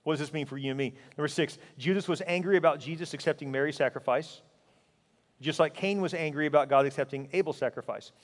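A man preaching as a pastor, earnest and emphatic, often sinking to a quiet, intense tone. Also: on the high side, quick pace, big-room sound. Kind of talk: sermon.

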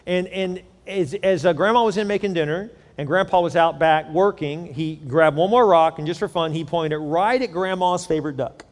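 A man's voice: a little high, normal speed, few pauses, in a large hall. A man preaching a sermon, telling a story in a loose, conversational way. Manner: conversational storytelling, repeats words. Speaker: pastor.

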